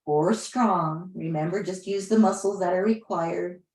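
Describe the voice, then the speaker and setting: A woman yoga teacher guiding a class with gentle, unhurried cues and soft affirmations. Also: on the low side. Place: class room. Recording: roomy echo.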